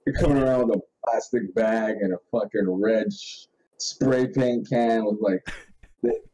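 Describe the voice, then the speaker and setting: A man's voice: on the low side, measured pace, dark tone, rough recording. A man hosting a podcast in casual chat, ranting in a rambling, profane way and laughing often. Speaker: podcast host.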